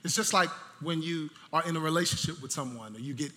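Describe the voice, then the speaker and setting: A man delivers a sermon from the pulpit, his voice high and bright. He drives his points home by repeating key phrases. Every phrase hangs in the long reverb of a church hall. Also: fast talker. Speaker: pastor.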